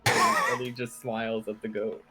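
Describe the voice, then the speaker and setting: A man's voice: lowish voice, flat delivery, normal speed, very noisy. A man playing a tabletop game, describing his character's actions in rambling, filler-heavy talk. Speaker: player. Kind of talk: casual tabletop play.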